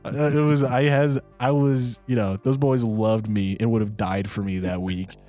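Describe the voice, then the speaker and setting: A man's voice: lowish voice, moderate pace. A young adult man co-hosting a podcast, telling a story in casual chat and acting out the people in it. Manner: animated, slangy storyteller who acts out quotes. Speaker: podcast co-host.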